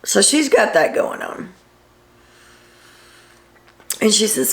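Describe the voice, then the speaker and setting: Wry gravelly-voiced woman recapping. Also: mid-range voice, sing-song, slow, pauses often. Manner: wry, gossipy retelling with sarcastic asides. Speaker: reality TV recap host. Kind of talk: casual recap commentary.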